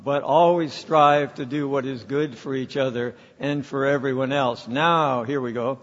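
In a church sanctuary, a pastor preaches a sermon, telling stories and leading the congregation in reading aloud. His mid-range voice is fairly even in intonation, moderately paced, with few pauses. The recording is dull and lo-fi, with long hall reverb.

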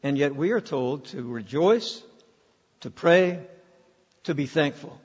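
Husky and darkish in tone, this man's fairly high voice moves slowly but animatedly as he preaches from a church sanctuary. He tells stories as pastor and leads the congregation in reading aloud, captured on dull, lo-fi audio with long hall reverb.

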